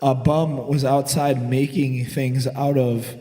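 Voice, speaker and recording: A man's voice: medium pitch, level tone, slow pace, mellow, big-room sound. A forty-year-old man telling rowdy, profane stories as co-host of a casual podcast recorded in a garage. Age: 40s. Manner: profane, boisterous, swaggering. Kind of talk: casual storytelling chat.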